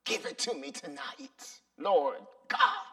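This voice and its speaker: A man voicing an eccentric preacher who is praying in anguish, alternately shouting and pleading with God. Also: high-pitched, wildly swooping pitch, slow, distant mic, exaggerated voice.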